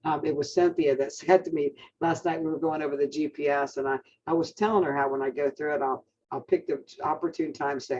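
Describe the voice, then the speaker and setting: A man coaching his sales team on a call, energetic and encouraging, with many fillers and restarts. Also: a little high, fast. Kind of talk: team call pep talk. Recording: dull lo-fi call audio.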